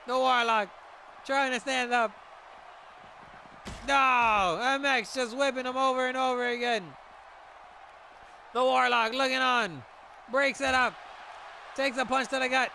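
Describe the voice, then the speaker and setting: A man calling a wrestling video game match in an excited play-by-play style, often breaking into shouts. His voice sits very high and has a gravelly edge with a bright, sharp tone. Faint noise hums behind him. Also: unhurried, pauses often, rough recording. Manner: shouts and exclaims at big moves.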